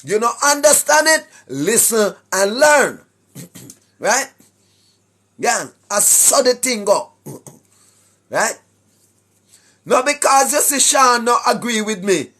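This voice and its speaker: A Jamaican man giving a preachy monologue to his viewers, emphatic, often shouting, tagging his points with questions. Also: high voice, animated, slow pace, long pauses. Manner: emphatic, often shouting, tags lines with "right?". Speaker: online commentator.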